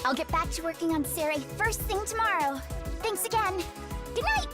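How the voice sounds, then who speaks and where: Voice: very high-pitched, expressive, normal speed, over music. A streamer putting on the voice of a cheery young woman engineer in a visual novel, bubbly and teasing. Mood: chipper.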